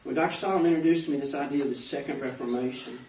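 Animated pastor in an echoey hall. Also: male voice, medium pitch, racing. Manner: animated storyteller acting out quoted dialogue. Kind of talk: personal testimony speech. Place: banquet hall. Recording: echoey hall, distant dull mic.

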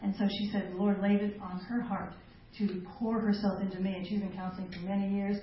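A woman's voice: mid-range voice, flat delivery, fairly quick. Chatty middle-aged woman speaking in an echoey hall. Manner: chatty, self-mocking, laughs often. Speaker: women's ministry speaker. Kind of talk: live talk to a women's group. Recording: echoey hall, distant mic, dull lo-fi sound, faint noise.

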